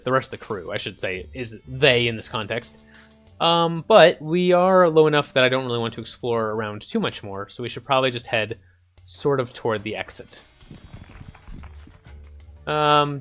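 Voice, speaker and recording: A man's voice: medium pitch, a bit bright. A man hosting a casual let's-play, chatting and reading game text aloud. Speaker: gaming channel host. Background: faint game music.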